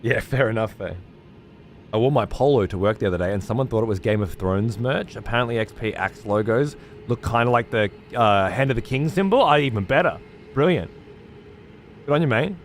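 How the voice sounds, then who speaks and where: A streamer chats casually while reading out viewers' messages, staying laid-back, cursing freely, and using slang like "mate" and "cunt." His medium-pitched voice is expressive and brisk, with slight background noise.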